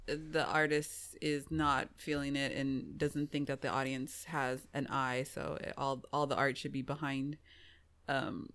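A woman's voice: extremely low pitch, flat delivery, measured pace, fairly bright tone. A woman guesting on a podcast, teasing and playful, laughing often. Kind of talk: casual podcast chat.

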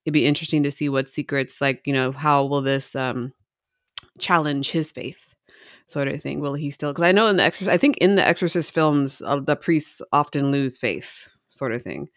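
A woman co-hosting a casual podcast talks in a low voice at normal speed, recorded at studio quality with no echo. She rambles and hesitates, thinking aloud and filling the gaps with plenty of fillers.

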